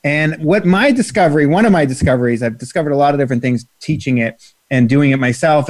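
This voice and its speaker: A man's voice: medium pitch, fast talker, a little mellow, no echo. A man who teaches breathwork, a guest in an interview, explaining things in an earnest, talkative way. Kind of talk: conversational interview.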